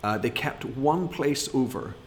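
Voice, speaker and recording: A man's voice: medium pitch, animated, a little slow, a little hiss or hum. A middle-aged man, telling rambling, chatty anecdotes as a guest and laughing at his own tales. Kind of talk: casual anecdote.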